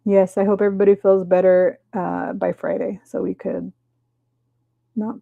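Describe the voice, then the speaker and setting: A woman hosting a live stream from her desk, chatting casually and breaking into high excited cheers, on a clip-on mic. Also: moderate pace, gravelly, narrow, tinny audio. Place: home desk. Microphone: clip-on mic in her shirt.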